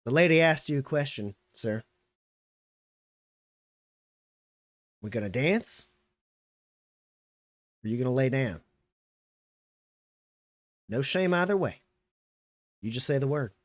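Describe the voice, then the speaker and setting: A man voicing a laid-back, confident male sheriff who speaks in a casual, unhurried drawl. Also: mid-range voice, lively intonation, no echo, studio quality, lightly acted. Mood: cool.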